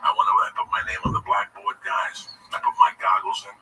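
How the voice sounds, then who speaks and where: A man's voice: on the low side, brisk, hardly any pauses, faint music behind. A man telling a long personal story in casual, profane speech, often calling his listener by name. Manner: profane, animated, keeps addressing the listener by name. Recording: distant mic with faint background noise.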